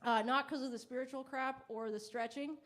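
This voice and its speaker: A woman with a high, light voice works through a stand-up set. Her delivery is deadpan and self-mocking, and she briefly acts out the people in her stories. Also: brisk. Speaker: stand-up comedian. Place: comedy stage. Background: audience laughter.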